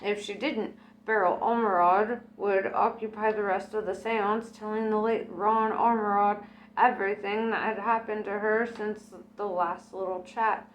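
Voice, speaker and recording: A woman's voice: medium pitch, little pitch movement, unhurried, slight background noise, low-quality recording. A young woman reading a novel aloud in a casual way, breaking off now and then to react to the story. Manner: chatty, breaks off to react and laugh. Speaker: audiobook reader.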